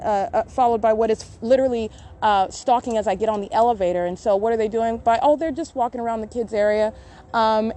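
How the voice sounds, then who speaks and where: Insistent fast-talking woman outdoors. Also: mid-range voice, warm tone, slight background noise. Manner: insistent and accusatory, repeats phrases, many uh and um fillers. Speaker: podcast host documenting her surroundings. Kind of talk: walking monologue recorded on the spot. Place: outdoors around a city hall and library.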